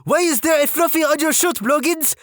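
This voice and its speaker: A man voicing a stern, fussy female drill sergeant with a French-Canadian accent, scolding in a high put-on falsetto. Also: fairly quick, a bit bright, dry recording, clean studio sound. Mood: mock scolding.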